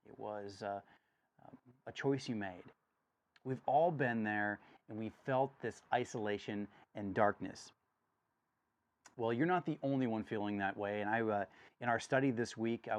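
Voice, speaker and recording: Guy giving a heartfelt devotional talk, lots of uh and um, gets intense reading the verses. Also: lowish voice. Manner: earnest, rising intensity when reading. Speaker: church study leader.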